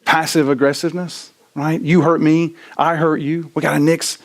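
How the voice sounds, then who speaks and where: A middle-aged man preaching a sermon in a church, animated and self-deprecating, often tossing in "right?" to the congregation. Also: fairly high pitch, normal speed. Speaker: pastor. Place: church sanctuary.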